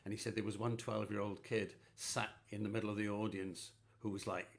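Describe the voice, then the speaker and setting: A man's voice: on the low side, little pitch movement, brisk, vocal fry. A man hosting a conversation, telling anecdotes in an affable way. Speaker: host. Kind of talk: conversational interview.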